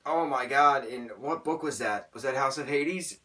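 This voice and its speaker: A young man reviewing a book in a casual vlog, rambling and excitable, often stammering and restarting. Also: medium pitch, moderate pace, far from the mic, a little hiss or hum.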